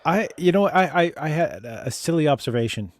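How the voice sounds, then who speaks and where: A man's voice: a little high, lively intonation, a little fast, no room sound, clean studio sound. A man co-hosting a casual video call chat, telling stories with wry jokes. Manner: wry, joking, easygoing storytelling. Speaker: co-host.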